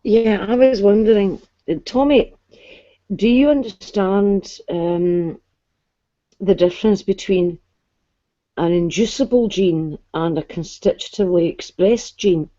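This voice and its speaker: A woman's voice: medium pitch, slow, warm tone, dry recording, lo-fi sound. A woman in an online chat, explaining things patiently and step by step. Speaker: guest explaining science.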